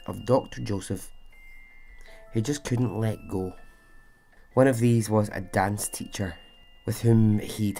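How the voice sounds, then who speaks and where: A man narrates a true-life story in a relaxed, chatty podcast manner. His voice sits a little low, and he drifts into asides and fillers as he goes. Soft music plays faintly behind him. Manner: chatty, conversational asides, frequent "you know".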